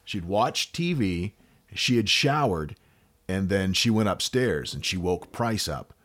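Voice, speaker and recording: In a deep, unhurried voice, an American man hosts a podcast where he walks through a true-crime case in a laid-back way. He cracks jokes and leans heavily on fillers.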